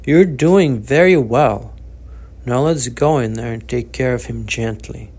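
A man voicing a kindly old man who speaks gently and slowly, reassuring and calm, in an audiobook reading. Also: medium pitch, slightly rough. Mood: gentle, reassuring.

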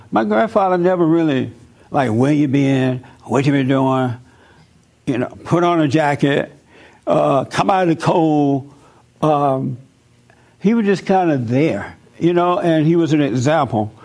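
A man's voice: on the high side, a little mellow. A man giving an informal sermon in a conversational, folksy way, telling personal stories.

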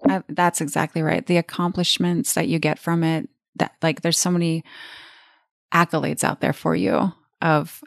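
A middle-aged woman hosting a podcast, telling candid, animated stories in casual chat and swearing freely. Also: deep voice, moderate pace, creaky, no echo, clean studio sound. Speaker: podcast host, life coach.

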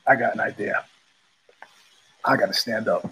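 A man's voice: on the low side, moderate pace, pauses often, pushed and bright, slight background noise, low-quality recording. A man hosting his own show, telling stories in a blunt, profane, casual monologue and repeating phrases for emphasis. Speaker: podcast host.

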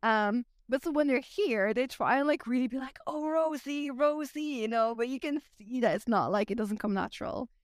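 A woman's voice: a little high, brisk, few pauses, no room sound, clean studio sound. A Belgian woman, a native Flemish speaker, chatting frankly and casually on a podcast, with a Flemish accent and lots of "like". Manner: chatty, uses "like" a lot, frank. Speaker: guest.

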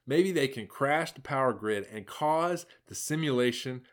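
A man's voice: medium pitch, lively intonation, measured pace. Sarcastic guy rambling on his podcast, voice bouncing all over, lots of um and you know. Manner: sardonic, meandering, full of fillers and asides. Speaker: podcast host. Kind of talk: casual rambling monologue.

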